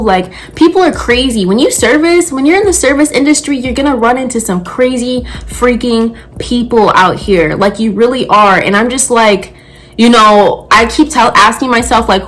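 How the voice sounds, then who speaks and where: A woman in her twenties, a nail technician, telling a story in a blunt, profane, animated rant. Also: on the high side, poor audio. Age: 20s.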